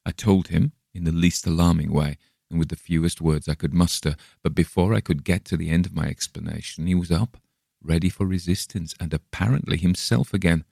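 A man reading a gothic tale aloud in the first person, measured and suspenseful, on a close microphone. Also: low voice, fairly even intonation, gravelly, dark tone, husky, dry recording. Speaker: audiobook narrator. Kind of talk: storybook reading.

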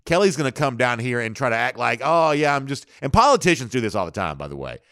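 A man hosting a sports talk show, talking in an animated, conversational way. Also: mid-range voice, fast, gravelly, no room sound, clean studio sound. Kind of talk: casual sports talk commentary.

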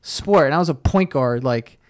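A young man telling animated, profane stories in a casual chat, full of "yo" and "like.". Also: medium pitch, normal speed.

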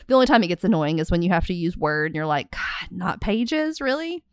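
A woman co-hosting a podcast in casual chat, candid and animated, acting out her own reactions as she tells stories. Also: on the low side, rapid-fire, smooth. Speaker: podcast co-host. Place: podcast studio.

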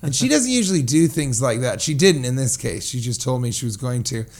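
A man's voice: medium pitch, animated, a little fast, a little mellow. A man co-hosting a casual comedy podcast, rambling through a funny story and riffing on words. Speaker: podcast co-host.

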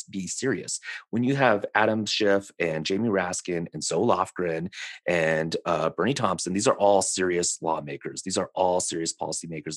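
A man discussing politics as a podcast guest, rambling at times and trailing into lively asides. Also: low voice, slightly rough, no echo, clean studio sound. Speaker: communications expert guest.

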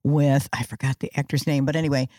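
A woman's voice: extremely low pitch, little pitch movement, fast talker, dark tone, no room sound, clean studio sound. A middle-aged woman co-hosting a casual chat, rambling through stories and restarting her sentences mid-thought.

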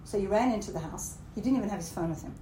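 This Torah teacher's voice is dark-toned and very fast, with lively intonation and emphatic rises when she stresses a point. Lecturing her class, she mixes Hebrew terms into English and checks in often, heard with roomy echo and faint background noise.

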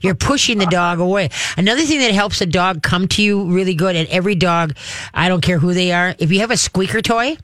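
A man hosting a call-in pet advice radio show, explaining with animated, playful delivery. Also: fairly quick, no room sound. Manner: animated, acts out high playful dog-calling voices.

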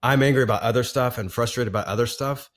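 A man's voice: mid-range voice, fast talker. A man in his forties, a podcast guest, telling a personal story in a casual, earnest way with frequent laughs and restarts.

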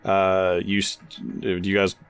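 A man narrating as game master in a casual, halting way. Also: deep voice, completely flat delivery, fairly bright tone, smooth, soft background music. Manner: casual, full of fillers and restarts.

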